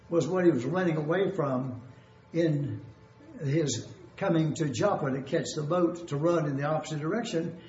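Male preacher, high voice, methodical numbered-point sermon, echoey lo-fi church recording. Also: a little mellow. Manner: numbered points, deliberate repetition. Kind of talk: expository sermon. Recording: echoey room, dull lo-fi sound.

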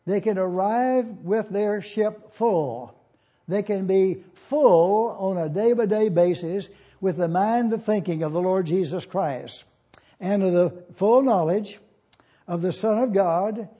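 A pastor teaching a Bible lesson, spelling out words letter by letter and repeating key phrases slowly. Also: male voice, sits high, dark tone, husky. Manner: slow, deliberate, spells out Greek words letter by letter. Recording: dull lo-fi sermon recording.

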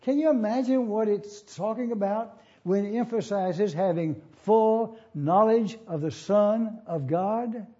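Man, pastor teaching a sermon, high voice, very dark and husky tone, slow deliberate spelling-out, dull lo-fi recording. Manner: slow, deliberate, spells out Greek words letter by letter.

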